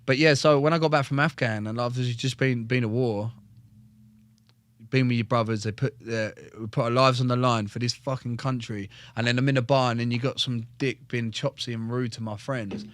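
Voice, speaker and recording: A young man, a former soldier and fighter, telling stories bluntly with heavy swearing and acting out what others said. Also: brisk. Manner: blunt, animated, acts out quotes with shifting pitch. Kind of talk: casual storytelling with heavy swearing.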